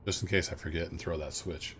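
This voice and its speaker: Low-voiced male game streamer with an easygoing, chatty manner who talks viewers through his play. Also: fairly even intonation, fast talker, fairly bright tone, slight background noise. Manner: easygoing, self-deprecating, thinks aloud to viewers. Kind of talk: casual live gameplay commentary.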